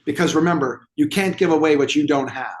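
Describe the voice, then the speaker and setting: A man's voice: fairly high pitch, fairly quick. A man telling a client story as a guest in an interview, acting out the dialogue with animation. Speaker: movement therapy expert guest.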